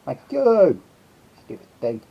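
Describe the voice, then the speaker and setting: A man hosts a casual live stream and greets his chat by name. His voice sits a little high and swings widely in pitch. The sound is slightly dull and lo-fi. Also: wildly swooping pitch, slow pace, gravelly, slightly rough. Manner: chatty, greets viewers one by one.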